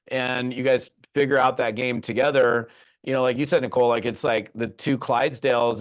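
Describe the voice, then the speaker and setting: A man hosts a podcast interview in a relaxed, conversational way. He tells his stories with animated energy and keeps the talk moving. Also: mid-range voice. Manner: animated storyteller who acts out quoted voices. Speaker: podcast host.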